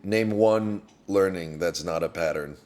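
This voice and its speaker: A man's voice: deep voice, measured pace, a little mellow. Earnest contrarian young man podcasting. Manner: earnest, contrarian, argues half-baked points. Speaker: podcast co-host, comedian. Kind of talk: casual comedy podcast banter.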